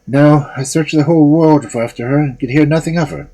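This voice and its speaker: A storyteller voicing a weary, lovelorn young man who answers in a stubborn, dejected way, with a husky voice. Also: a little high, brisk, mellow, pitched above the performer's own voice.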